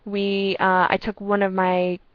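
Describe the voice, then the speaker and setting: A young woman casually telling rambling, excitable stories to a friend over a headset, often breaking into laughter. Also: medium pitch, a little slow, no room sound, lo-fi sound. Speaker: storyteller chatting with a friend. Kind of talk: casual storytelling chat. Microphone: earpiece headset.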